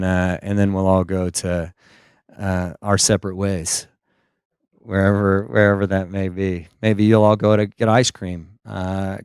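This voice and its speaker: A man's voice: low-pitched, a little mellow, clear, resonant tone, no room sound, clean studio sound. A male stand-up comedian telling rambling, self-deprecating stories with lots of "uh" asides. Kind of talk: stand-up storytelling.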